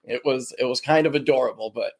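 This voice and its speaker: A man telling casual stories as a podcast guest, lively and full of voices for the people in them. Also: medium pitch, quick pace. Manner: animated, does voices of people in his stories. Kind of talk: casual storytelling.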